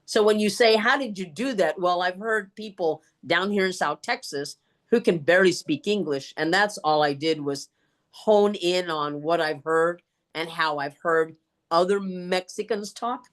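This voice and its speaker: A woman speaker answering questions on a video call, with an animated storytelling delivery. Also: fairly low pitch, unhurried. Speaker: guest speaker. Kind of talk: Q&A answers in an online meeting.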